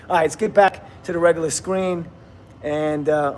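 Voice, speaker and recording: A man's voice: on the high side, fairly even intonation, moderate pace, darkish tone, faint music behind. A middle-aged man, hosting a casual livestream, chatting, laughing and reading viewer comments aloud. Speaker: livestream host.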